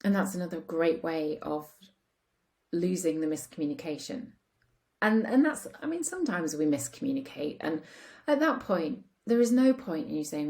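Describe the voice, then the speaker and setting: Chatty woman coach with a mellow voice. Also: sits low, animated, normal speed. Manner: chatty, acts out quoted voices, frequent fillers. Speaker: relationship coach. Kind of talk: casual talk to camera.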